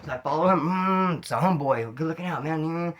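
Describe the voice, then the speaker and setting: A man telling stories from his own street life in casual slang, animated and acting out the dialogue. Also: on the high side, fast. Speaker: storyteller recounting street life. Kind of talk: casual storytelling monologue.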